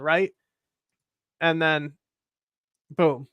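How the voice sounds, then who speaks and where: Stream co-host, man, gravelly and fairly high voice, dry close mic, casual reaction talk. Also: moderate pace, a bit bright, no echo. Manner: conversational, retells events in detail.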